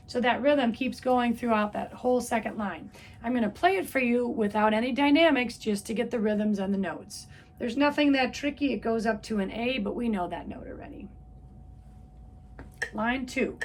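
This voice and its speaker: A woman's voice: a little high, normal speed. A woman music teacher giving a patient, step-by-step trumpet lesson, counting beats aloud. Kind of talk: instrument lesson video.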